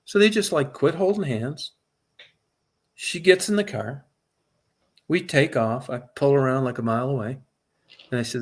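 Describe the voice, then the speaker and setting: Profane, animated storytelling man. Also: mid-range voice, moderate pace, pauses often. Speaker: guest telling a story. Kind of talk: casual storytelling.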